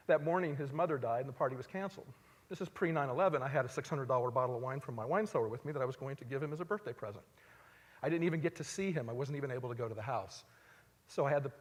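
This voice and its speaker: A man giving a live stage talk, telling stories conversationally and swinging between loud emphasis and quiet asides. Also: mid-range voice. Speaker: speaker at a live talk event. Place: large hall, on stage before an audience. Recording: long hall reverb.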